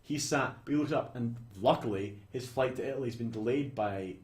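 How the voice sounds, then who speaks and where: A young Scottish man tells a film's plot in loose, animated chat, swearing as he goes and slipping into the voices of the people on screen. His voice sits at an ordinary middle pitch. The room has a noticeable echo. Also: a little fast, soft background music. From Scotland. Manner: animated storytelling, swears freely, acts out lines from scenes. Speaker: podcast co-host. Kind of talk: casual film recap chat. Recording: roomy echo.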